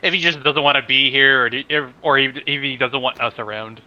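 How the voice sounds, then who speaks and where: A man's voice: mid-range voice, fairly even intonation, brisk, bright, forceful tone, highs cut off. A man playing in a tabletop game, asking questions in a hesitant, searching way. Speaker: player. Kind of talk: casual tabletop play.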